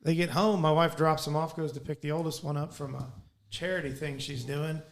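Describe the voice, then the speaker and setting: A middle-aged man, a podcast co-host, telling a family story in casual chat, animated and often laughing. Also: a little high, fairly quick.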